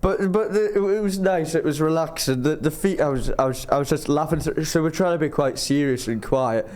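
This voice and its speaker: A man's voice: fairly high pitch, fairly quick, darkish tone. A man telling casual stories as a podcast guest, rambling and self-interrupting and laughing as he talks. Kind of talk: casual storytelling.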